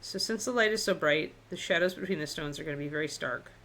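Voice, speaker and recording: Woman with a lowish voice, easygoing stream host talking through her brushwork. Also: fast talker. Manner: relaxed, chatty, thinking aloud while painting. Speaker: miniature painting instructor. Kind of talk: live-stream painting tutorial.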